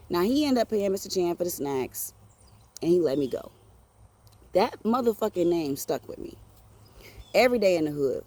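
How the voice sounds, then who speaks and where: A woman hosting a podcast tells her own story in a lively, streetwise voice. She swears freely and talks in slang. Her pitch sits in the middle range for a woman. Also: moderate pace. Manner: animated, profane, streetwise. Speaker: podcast host. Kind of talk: personal storytelling.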